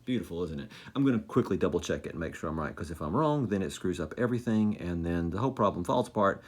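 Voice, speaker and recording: A man's voice: low voice, expressive, quick pace, a little mellow. A man teaching a recorded math lesson, making joking, self-deprecating asides while he writes.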